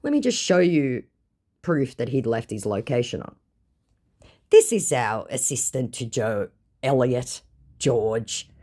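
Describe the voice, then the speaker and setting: A woman's voice: a bass voice, expressive, takes it slowly, long pauses, dark tone. A woman narrating chat screenshots from a scam-baiting exchange, speaking in a mocking, amused way. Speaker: scam-baiting video creator.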